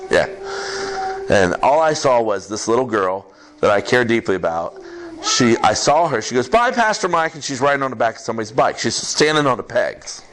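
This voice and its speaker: A man preaching a sermon as pastor to a congregation, in an animated, conversational way with quick asides. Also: medium pitch. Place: church service with congregation.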